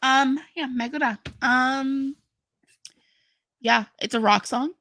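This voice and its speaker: A woman co-hosting a casual livestream, joking wryly and filling pauses with "um" and "like". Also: high-pitched, sharp tone. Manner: wry, joking, many "um" and "like". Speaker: co-host of a livestream. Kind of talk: casual chat.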